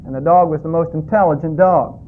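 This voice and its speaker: A male pastor delivers a folksy sermon, pausing often with fillers between thoughts. His voice sits high for a man and comes through thin and phone-like, with a faint low rumble underneath. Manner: folksy, hesitant with frequent fillers.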